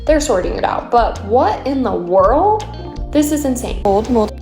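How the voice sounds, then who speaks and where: A woman casually recounting a story for a storytime video, incredulous and animated. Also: a little high, unhurried, faint music behind. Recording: echoey room.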